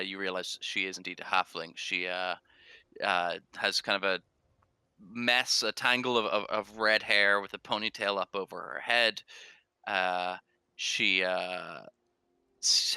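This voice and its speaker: Deep-voiced male game master. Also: sharp tone, smooth, no room sound. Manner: hesitant, many fillers. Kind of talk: narrating a tabletop game.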